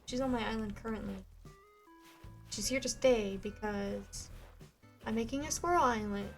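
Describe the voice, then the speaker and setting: A woman's voice: a little high, normal speed, soft background music. A woman in her twenties, a game streamer chatting casually with her live viewers in a rambling way, full of "like" fillers.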